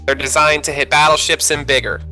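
A man's voice: fairly high pitch, fairly even intonation, fairly quick, sharp tone, soft background music, low-quality recording. A man from the American South telling a gaming story on a casual podcast, with frequent fillers. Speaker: podcast co-host.

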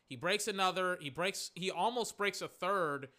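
A young man giving excitable, rambling live reaction commentary on a football game, with exasperated asides. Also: high-pitched, normal speed.

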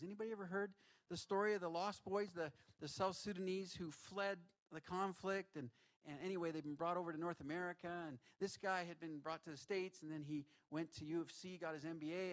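A male pastor telling personal stories in a candid, conversational sermon to his church. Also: a little high. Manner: candid, conversational, animated storytelling. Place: church sanctuary.

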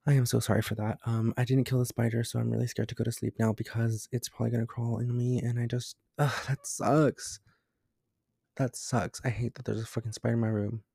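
A man's voice: mid-range voice, vocal fry, mellow, no echo, clean studio sound. A young man hosting a casual solo podcast from his bedroom late at night, rambling and jumpy with lots of fillers, scared and tired. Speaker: podcast host. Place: bedroom at home.

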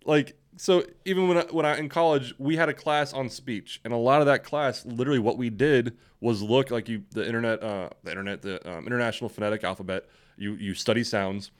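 A man's voice: mid-range voice, brisk. A young man co-hosting a podcast in casual chat, laughing often and rambling with frequent restarts. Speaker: podcast co-host.

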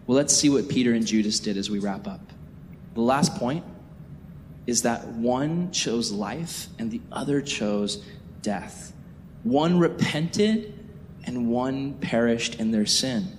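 A man preaching a sermon in an emphatic way, swinging from hushed to raised, in a church hall. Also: medium pitch. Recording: reverberant hall with faint noise.

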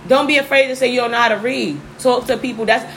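A woman in a casual talk, telling stories in an animated, blunt way and swearing freely. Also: fairly high pitch, fast talker, rough recording. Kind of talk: casual chat, storytelling. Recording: faint background noise.

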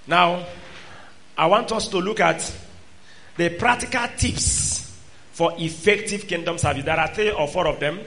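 A man preaching to a congregation. His voice sits high and bright for a man. He is emphatic, rising to loud exhortation and dropping to quiet asides. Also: a little slow, creaky, long pauses, slight background noise. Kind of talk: sermon.

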